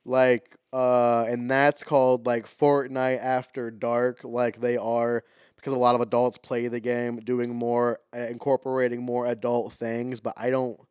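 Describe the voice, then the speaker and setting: A man's voice: medium pitch, unhurried, clear, resonant tone, dry recording, clean studio sound. A young man co-hosting a podcast, chatting casually with loose, profane banter. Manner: relaxed, profane, rambling. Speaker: podcast co-host. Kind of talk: casual chat.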